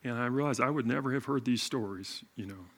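A middle-aged male pastor telling a story in a sermon, animated and self-mocking. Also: medium pitch, fast.

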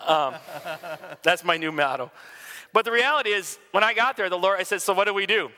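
This is a pastor with a bright, slightly high voice. He tells stories in an animated way, rising and falling between loud and quiet. The sound carries a long, reverberant tail. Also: a little fast. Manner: animated storyteller, swings loud and soft. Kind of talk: storytelling in a conversation.

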